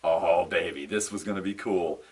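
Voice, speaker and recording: In poor audio with the mic far away, a young man vlogs about wrestling in an exasperated, animated rant to camera. His husky voice sits low at normal speed as he sighs, repeats himself, keeps saying "no" and emphasizes how let down he is.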